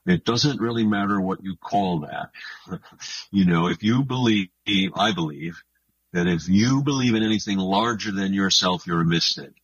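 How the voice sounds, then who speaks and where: A man being interviewed on the radio about his books, talking in an earnest, thoughtful and unhurried way. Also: deep voice, slightly rough, no echo, highs cut off. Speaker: guest author.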